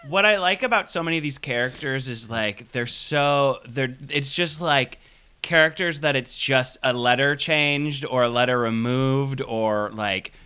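Male podcast co-host, dry humor, bright voice, relaxed banter. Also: mid-range voice, unhurried, clean tone. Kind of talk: casual chat.

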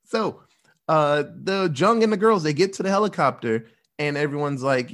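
A man casually recapping a movie plot, animated and profane, acting out the characters' lines as he goes. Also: fairly high pitch, normal speed.

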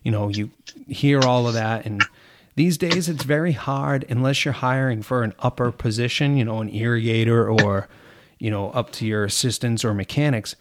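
A man's voice: medium pitch, normal speed, background noise. A man who runs a golf course crew, talking bluntly in casual chat, swearing freely and acting out what he says to his workers.

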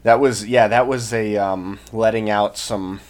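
A young man telling a long story in casual chat, rambling with many fillers and acting out shouted lines. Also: lowish voice, steady tone, a little slow. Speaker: podcast co-host, Marine veteran.

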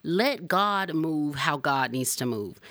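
A young woman hosting a podcast in casual chat, sassy and animated, jumping to high exclamations. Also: slow pace, dry recording. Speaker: podcast host.

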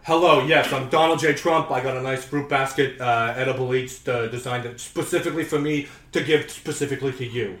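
A man's voice: medium pitch, fairly quick, hardly any pauses, fairly bright tone, reverberant, distant mic, close to an everyday voice. A man doing an impression of a boastful presidential candidate in an improvised comedy podcast, repeating catchphrases. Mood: blustering.

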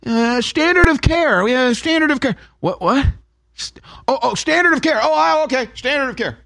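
A man putting on a high, whiny voice to parody a confused woman witness. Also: moderate pace, bright, forceful tone. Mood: flustered. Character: flustered mocking woman witness, shrill and baffled.

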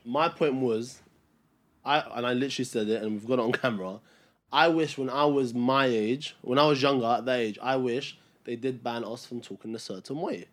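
A man's voice: medium pitch, brisk, a bit bright. A man, co-hosting a podcast and making his case in a casual debate, often stumbling and restarting his sentences. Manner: stumbling restarts when pressed. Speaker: podcast co-host.

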